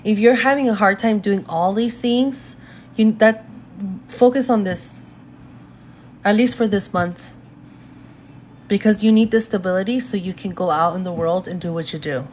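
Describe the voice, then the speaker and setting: A young woman gives an astrology reading live from her phone at home, talking straight to her viewers. She is chatty and drifts off on tangents. Her voice sits at an ordinary middle pitch, with a faint hiss underneath. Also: normal speed, pauses often, darkish tone. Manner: chatty, goes off on tangents, addresses viewers directly. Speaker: astrology reader. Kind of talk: live-stream reading, casual chat.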